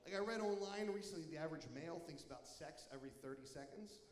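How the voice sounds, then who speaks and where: A young man performing a self-mocking stand-up comedy set, animated, breaking into loud silly voices. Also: a little high, fast. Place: comedy venue with live audience. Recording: echoey live hall with crowd.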